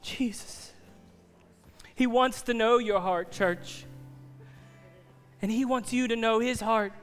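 High-voiced pastor pleading at an altar call. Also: male voice, unhurried, clear, resonant tone, long reverb tail, faint music behind. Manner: earnest, pleading, drops to soft near-whispers.

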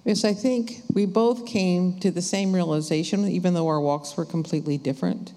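A woman slowly and reflectively sharing her faith testimony. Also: lowish voice, fairly even intonation, warm tone. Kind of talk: church testimony talk. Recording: hall reverb.

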